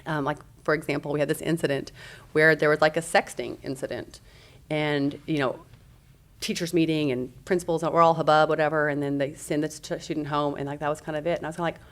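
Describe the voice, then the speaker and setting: A woman in her thirties with a low voice tells stories with energy, slipping into other people's lines. She talks in a relaxed podcast-chat way as a guest. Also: fast. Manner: animated, acts out quoted speech. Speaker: guest, parenting speaker. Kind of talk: conversational podcast storytelling.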